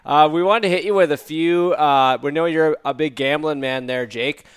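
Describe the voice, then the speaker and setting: A man's voice: a little high, moderate pace, clean tone. A man co-hosting a podcast, asking questions in an easygoing, joking way. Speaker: podcast co-host. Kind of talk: casual interview questions.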